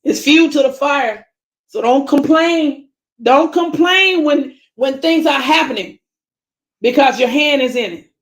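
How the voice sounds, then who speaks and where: A YouTube channel host with a Southern US accent chats casually with her viewers, calling them family as she preaches emphatically and repeats her points. Her voice is high and a little slow, with a reverberant sound.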